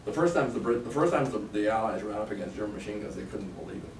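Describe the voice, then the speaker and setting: Guy teaching a sales class, lively storyteller, sounds far off in an echoey room. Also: on the low side, racing. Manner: animated, storytelling, acts out phone lines. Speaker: sales trainer. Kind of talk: seminar lecture. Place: training room with a live class. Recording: echoey room, mic far off, faint noise.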